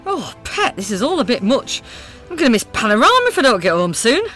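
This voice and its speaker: Brief: a woman playing a fretful older woman, swooping from low to high, homely pet names. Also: big pitch swings, fairly quick, fairly bright tone, soft background music. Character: flustered, blunt older northern English woman.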